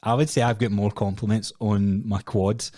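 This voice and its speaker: A Scottish man and personal trainer co-hosting a casual podcast, telling sweary, animated stories with quick restarts. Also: fairly low pitch.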